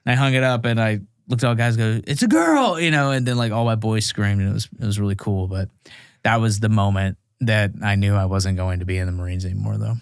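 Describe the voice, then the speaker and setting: A man's voice: lowish voice, fast, clean tone, dry recording. Thirtyish guy telling war stories, jokey, acts out voices, dry studio sound. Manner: animated, self-mocking, acts out dialogue. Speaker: podcast guest, Marine veteran. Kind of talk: casual storytelling.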